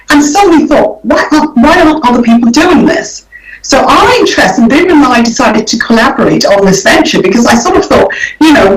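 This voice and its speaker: A woman with a slightly high voice, a guest on a radio show, explains property investment in an easygoing manner, often repeating words as she thinks. She's recorded from a distance, giving a roomy, off-mic sound.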